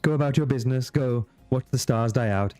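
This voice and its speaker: A man's voice: mid-range voice, a little fast, darkish tone, no room sound, faint music behind, voice pushed up, natural voice. A man voicing a weary, proud woman seer in a game, speaking in a formal, archaic, dismissive way.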